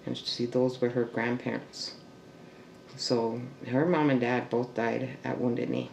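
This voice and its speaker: A man telling a family oral history in a halting way, full of restarts and trailing fillers, and sometimes dropping to a soft hush. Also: mid-range voice, little pitch movement, gravelly. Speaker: family storyteller. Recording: echoey room with faint background noise.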